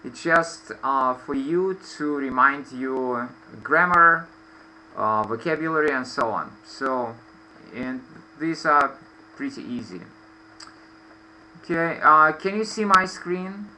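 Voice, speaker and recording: A man's voice: fairly high pitch, slow pace, sharp tone, slight background noise, poor audio. A man teaching English in an online lesson, explaining patiently with many fillers. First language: Russian. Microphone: video call.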